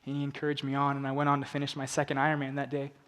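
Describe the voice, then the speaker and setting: A young man giving an inspirational stage talk. He tells a personal story earnestly, dropping to hushed emotional lows and rising to urgent appeals. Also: monotone, very fast, clear, resonant tone. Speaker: motivational speaker. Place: large event hall on stage. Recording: long reverb of a large hall.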